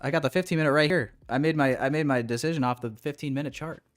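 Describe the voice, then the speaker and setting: A man's voice: on the high side, quick pace, soft background music. Profane young man ranting on livestream. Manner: animated, profane, ranting at chat. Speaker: trading livestream host. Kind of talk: casual livestream commentary.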